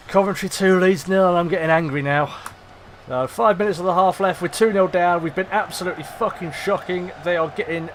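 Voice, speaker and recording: A young man commentating live on his football management game, swearing and shouting at his players. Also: on the high side, a little hiss or hum. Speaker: gaming commentator.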